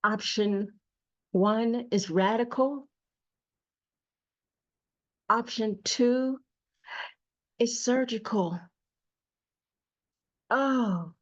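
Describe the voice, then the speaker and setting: A woman hosting her own show, telling a personal story slowly and emotionally with emphatic repetition. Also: on the high side, fairly even intonation, highs cut off. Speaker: host. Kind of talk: personal testimony monologue.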